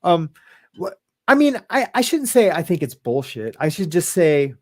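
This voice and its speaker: A man's voice: fairly high pitch, big pitch swings, moderate pace, a little mellow. Rambling man in casual chat. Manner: rambling, hesitant, many fillers and restarts; swears casually. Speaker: podcast host.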